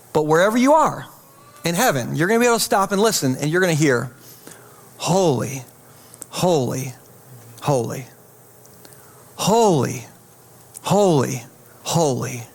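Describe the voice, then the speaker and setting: A man preaching as pastor, casual and chatty, dropping low and slow each time he repeats "holy.". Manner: repeats "holy" softly and slowly, chatty asides. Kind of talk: sermon.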